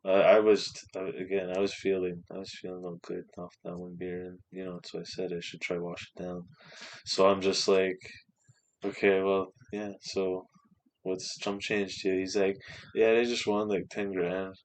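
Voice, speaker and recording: A man's voice: low voice, normal speed, slight background noise. Young man telling a wild story. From Canada. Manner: swearing, animated anecdote with quoted voices. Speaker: podcast guest. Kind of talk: casual storytelling.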